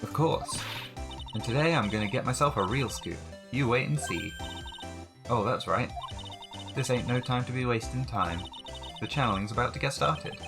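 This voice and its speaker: A man putting on a brassy Southern woman photographer who barrels in loud and folksy, always pushing everyone to hurry. She talks in a twangy drawl with bright, eager energy, with game music playing behind her. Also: mid-range voice, normal speed, pauses often, voice pushed up, natural voice. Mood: pushy. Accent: Southern US, put on. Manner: folksy, pushy, excitable.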